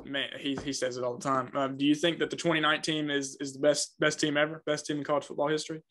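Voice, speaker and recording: A man's voice: on the high side, level tone, quick pace, a bit bright, slight background noise. A young man hosting a casual interview, asking questions hesitantly with many fillers. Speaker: podcast host.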